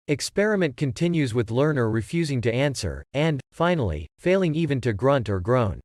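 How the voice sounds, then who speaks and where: A man's voice: medium pitch, very animated, normal speed, few pauses, darkish tone, dry recording, studio quality. Man reading stage directions aloud. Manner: reads stage directions plainly. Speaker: reader.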